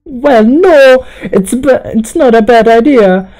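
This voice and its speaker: Man playing a feisty schoolgirl in a silly fake Russian accent, high, soft-toned. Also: lively intonation, slow, soft background music, full character voice, poor audio. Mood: indignant. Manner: exaggerated put-on Russian accent, huffy. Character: stubborn feisty teenage girl with a mock Russian accent.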